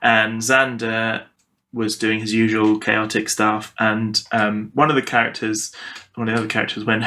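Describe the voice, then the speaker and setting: A man's voice: fairly low pitch, level tone, moderate pace, sharp tone. A man chatting animatedly about his tabletop game characters, swearing casually, on a video call. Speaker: podcast guest.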